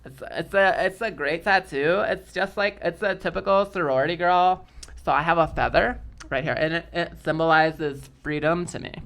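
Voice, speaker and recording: A man's voice: fairly high pitch, moderate pace, creaky, hardly any pauses, a bit bright. Man doing a bubbly valley girl. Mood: gushing. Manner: valley girl drawl, lilting. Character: airy young sorority girl, vain and bubbly.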